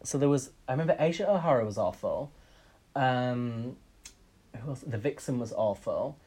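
A man's voice: medium pitch, expressive, normal speed, dark tone, breathy edge. A man co-hosting a podcast, chatting casually and opinionated, with frequent ums. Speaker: podcast co-host. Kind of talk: casual chat.

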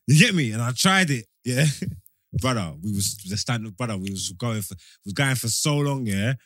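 A young man telling a story in casual chat, animated and slangy, often laughing and acting out quotes. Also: medium pitch, normal speed, no echo, studio quality.

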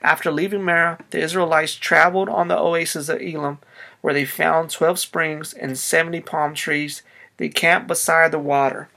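A man's voice: a little high, steady tone, normal speed, vocal fry, pushed and bright. A man preaching a sermon in a casual, conversational way, using slang as he retells a Bible story. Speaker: pastor.

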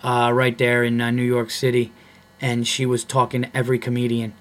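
A comedian and podcast host tells a story bluntly and profanely, growing heated as he retells a fight. His mid-range voice is monotone and brisk.

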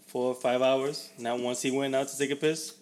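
A man's voice: medium pitch, little pitch movement, normal speed, a loud crowd. A man in casual chat, teasing his friends with needling questions.

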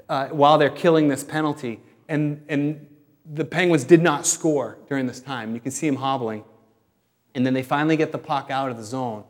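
Conversational male pastor in a reverberant hall. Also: fairly high pitch. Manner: conversational, explains with pauses and restarts. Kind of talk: sermon.

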